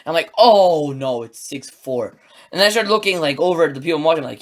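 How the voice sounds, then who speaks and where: A man's voice: a little high, moderate pace. Solo podcast guy rambling through a game recap, gets all worked up, voice jumps around a lot. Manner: excitable, rambling, acts out his own reactions. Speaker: podcast host.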